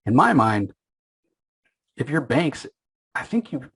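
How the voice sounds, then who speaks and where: A man hosting a comic book podcast, casually recapping an issue and retelling its scenes with quick acted-out quotes, often pausing on fillers and restarts. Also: mid-range voice, sing-song, vocal fry, fairly bright tone, slightly rough, low-quality recording.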